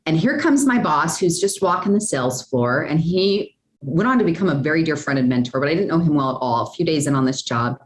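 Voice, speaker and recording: A woman guest in a podcast interview, telling a personal story in a lively, chatty way, often tossing in "like" and "right?". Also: sits low, fairly quick, roomy sound. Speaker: guest, speaker and sales coach.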